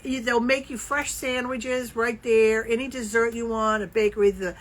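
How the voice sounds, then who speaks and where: A woman co-hosting a casual knitting podcast, telling stories with lively acted-out quotes. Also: a little high, moderate pace, low-quality recording. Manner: animated storyteller, acts out quoted voices. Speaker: podcast co-host. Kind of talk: casual chat.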